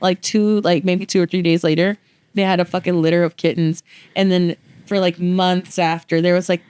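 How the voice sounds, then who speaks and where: Young woman podcast co-host, clear smooth voice, acts out quotes, close dry studio sound. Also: lowish voice, normal speed, no echo. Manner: expressive storyteller, acts out voices. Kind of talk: casual chat.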